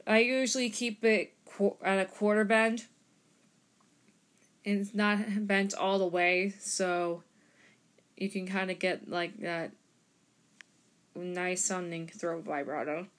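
Young female harmonica tutor, slow-paced, methodical, talks through each step. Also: medium pitch, fairly even intonation, fairly bright tone, slight background noise. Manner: unhurried, explains step by step with demonstrations. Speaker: harmonica teacher and podcast host. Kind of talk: casual instructional talk.

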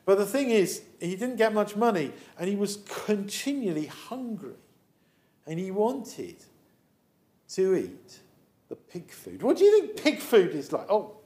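A man acting as preacher, telling a story to children in a chatty, animated way with frequent fillers. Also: sits high, unhurried.

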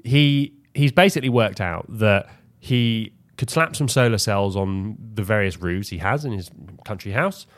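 A man from England co-hosting a casual podcast, with a fairly low voice. He talks in a wry, chatty manner, often restarting sentences and filling pauses. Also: expressive. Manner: chatty, wry, full of restarts and hedging fillers. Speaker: podcast co-host. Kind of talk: casual chat.

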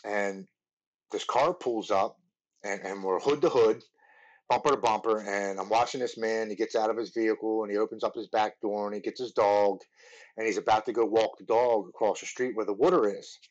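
A man in his forties from Maryland, a podcast guest telling his recovery story in an earnest, halting way, often restarting his words. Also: fairly low pitch, steady tone, a little mellow, muffled recording. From Maryland, USA.

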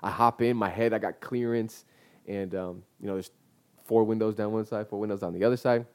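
A man's voice: fairly low pitch, fairly even intonation, a little fast, clean tone. A young man telling a long story in a casual chat, full of slang and fillers. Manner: laid-back slang-heavy storytelling with many fillers. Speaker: guest business owner.

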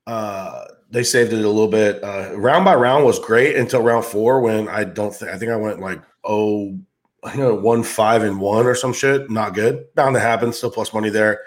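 Profane, rambling podcast co-host, man. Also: mid-range voice. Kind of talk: casual chat.

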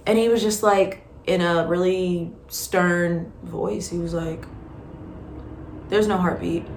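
Expressive woman telling a personal story. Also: lowish voice, takes it slowly. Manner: expressive, conversational, lots of fillers. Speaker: podcast host. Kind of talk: candid storytelling. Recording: roomy echo with faint background hum. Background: faint ambient noise, passing truck.

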